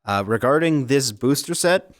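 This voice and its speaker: A man's voice: mid-range voice, animated, normal speed, no room sound. A man co-hosting a casual card game podcast, chatty and upbeat, laughing often and stumbling over words now and then. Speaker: co-host.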